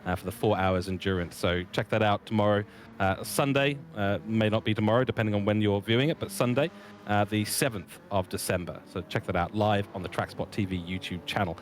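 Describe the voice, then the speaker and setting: A man's voice: fairly low pitch, a little fast, slight background noise. A man commentating on a sim race, easygoing and analytical, drawing on his own driving experience.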